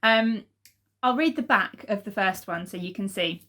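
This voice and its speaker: A woman's voice: mid-range voice, lively intonation, normal speed, sharp tone. A woman chatting casually to camera in a home vlog, rambling along with lots of ums. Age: adult mother. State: out of breath. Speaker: vlogger.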